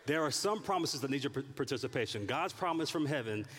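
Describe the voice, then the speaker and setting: A man preaches to his congregation, slipping into playful impressions of people praying and grumbling. His voice sits at an ordinary pitch. The sound carries the long reverb of a church hall. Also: fast talker, slightly rough. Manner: animated, acts out prayers and complaints in character voices. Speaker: pastor. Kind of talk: sermon.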